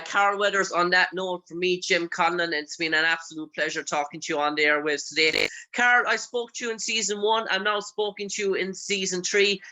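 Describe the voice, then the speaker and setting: A man's voice: high voice, sharp tone, poor audio. A male radio interviewer with an Irish accent, asking long, effusive questions full of fillers. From Ireland. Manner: effusive, rambling, many fillers.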